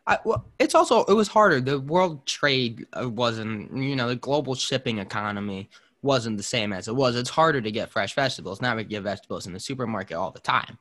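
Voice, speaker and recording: A man's voice: medium pitch, animated, fairly quick, a bit bright. A man hosting a casual podcast chat, rambling between topics with frequent fillers and restarts. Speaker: podcast host.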